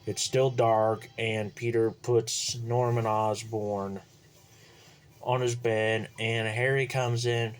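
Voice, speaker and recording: A man recapping a movie plot casually, rambling and halting with lots of fillers. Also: lowish voice, little pitch movement. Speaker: movie reviewer.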